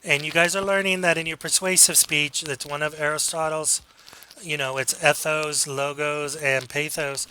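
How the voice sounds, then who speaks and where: In a recorded class lecture, this man coaches his college speech students directly and leans on rhetorical questions. His voice is on the high side, clear and resonant, with a sharp tone.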